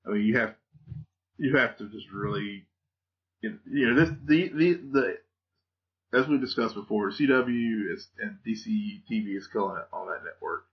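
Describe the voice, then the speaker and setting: Male podcast co-host, lowish voice, halting delivery with frequent fillers, dull lo-fi sound. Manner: hesitant, many fillers and restarts, laughs often. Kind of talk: casual chat reviewing TV shows. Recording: dull lo-fi audio.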